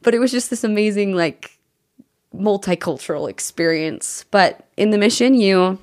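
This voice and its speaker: A young woman from the United States answers interview questions in an earnest, upbeat way. Her voice sits at an ordinary middle pitch, and she often stops and restarts her sentences as she talks. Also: normal speed, a little mellow. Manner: earnest, enthusiastic, with frequent restarts. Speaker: guest. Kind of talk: casual interview chat.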